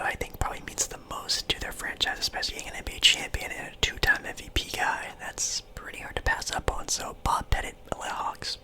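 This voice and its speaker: A man's voice: bright, forceful tone, rough recording. Man whispering a casual ASMR ramble. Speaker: ASMR sports channel host.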